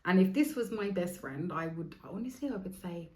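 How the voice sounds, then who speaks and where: A woman's voice: fairly low pitch, lively intonation, brisk, few pauses, darkish tone, reverberant. A woman in her forties hosting her own podcast, talking in a rambling, frank way with plenty of swearing. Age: 40s. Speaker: podcast host. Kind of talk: candid solo podcast monologue.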